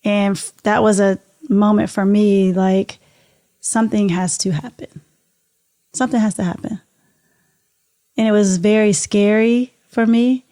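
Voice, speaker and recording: A woman's voice: medium pitch, steady tone, measured pace, pauses often, warm tone. A middle-aged woman, a podcast co-host, telling a personal story in an interview in an earnest, heartfelt, reflective way.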